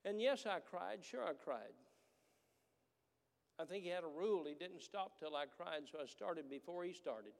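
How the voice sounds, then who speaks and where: A man's voice: fairly high pitch, animated, moderate pace, vocal fry, big-room sound. A man preaching a sermon as pastor, with a manner that builds into emphatic, repeated declarations. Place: church sanctuary.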